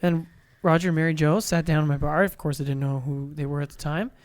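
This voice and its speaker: Smooth, fast-talking Canadian man. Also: on the high side, steady tone, no echo. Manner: chatty, acts out dialogue in anecdotes. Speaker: podcast co-host. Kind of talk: casual storytelling. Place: outdoor pavilion at a lakeside resort.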